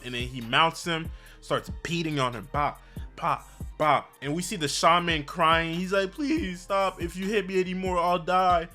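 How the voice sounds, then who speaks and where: Bright-voiced man recapping a comic chapter. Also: a little high. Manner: animated, slangy storytelling, frequent "bro" and "basically". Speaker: manhwa recap YouTuber.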